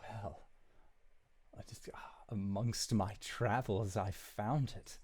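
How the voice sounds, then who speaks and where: A man voicing a flirtatious male ship owner in a tabletop game, speaking softly and suggestively. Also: on the low side, fairly even intonation, takes it slowly, breathy edge, pitched below the performer's own voice.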